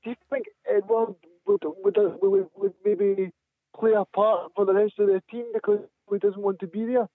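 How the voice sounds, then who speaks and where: A man's voice: sits high, little pitch movement, normal speed, dry recording. A man calling into a radio phone-in, enthusiastic and stumbling over his words, heard over a phone line. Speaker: caller. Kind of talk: phone-in call. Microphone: telephone.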